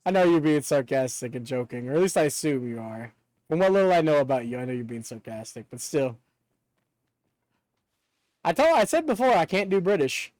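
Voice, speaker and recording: A chatty man streaming a game, talking in a high and very lively voice that jumps around a lot. He jokes and laughs easily with his chat. The sound is close and dry, with no room echo. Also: fairly quick. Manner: joking, chatty, laughs often. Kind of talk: casual gameplay chat.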